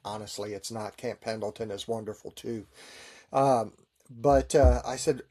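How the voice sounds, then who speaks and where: A man's voice: medium pitch, unhurried, a little mellow. A middle-aged man who is a Navy chaplain, answering interview questions with easy, good-humored stories.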